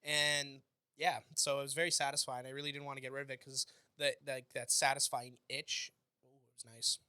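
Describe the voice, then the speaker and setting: A man's voice: medium pitch, flat delivery, a little fast, pushed and bright, clear, resonant tone, no room sound, studio quality. A Canadian man co-hosting a podcast in laid-back casual chat, laughing often. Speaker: podcast co-host.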